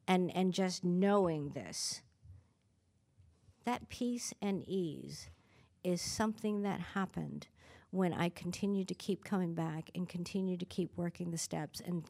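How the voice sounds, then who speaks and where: A woman's voice: lowish voice, vocal fry, warm tone. A middle-aged woman giving a candid, self-mocking personal share at a recovery meeting, often restarting her sentences.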